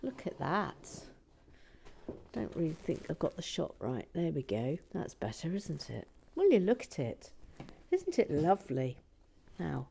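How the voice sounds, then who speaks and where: A woman hosting a building video, chatting casually and self-mockingly, often dropping into a hushed whisper and stumbling over words. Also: deep voice, very animated, unhurried, creaky, a little hiss or hum. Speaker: host of a brick-building channel. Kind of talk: casual chat while building.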